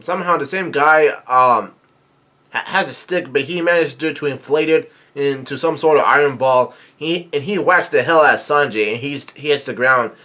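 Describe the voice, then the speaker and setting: Man, mid-pitched, casual reaction vlogger, halting delivery full of ums and restarts. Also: pushed and bright. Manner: halting, many fillers and restarts; reads quoted lines in a plain narrating voice. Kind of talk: casual chapter recap.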